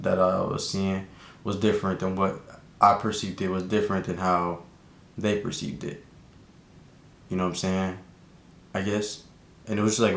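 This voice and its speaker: A young man telling a casual storytime vlog, slangy and animated, with lots of fillers. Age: young adult. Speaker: vlogger. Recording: echoey room with faint rumble.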